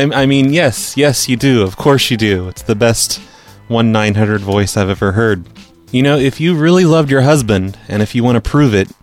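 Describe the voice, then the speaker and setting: Dry, sarcastic male podcast host. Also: fairly low pitch. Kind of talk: casual podcast banter.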